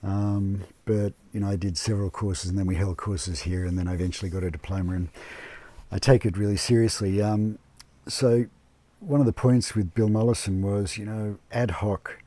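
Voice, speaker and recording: A man who runs an eco lodge, talking casually in an interview, relaxed and unhurried with many fillers and restarts, speaking indoors at home. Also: fairly low pitch, no echo. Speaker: eco lodge owner and permaculture gardener.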